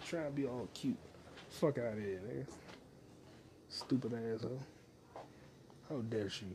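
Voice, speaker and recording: A medium-pitched man speaks at a measured pace over background noise while running his own crude podcast out of his kitchen at home. Constant swearing, rambling, and laughter at his own jokes fill the show.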